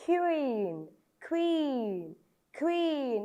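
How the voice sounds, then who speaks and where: High, animated Malayali woman teaching phonics. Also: slow pace. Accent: Malayali English. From Kerala, India. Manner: drills letter sounds by repeating them.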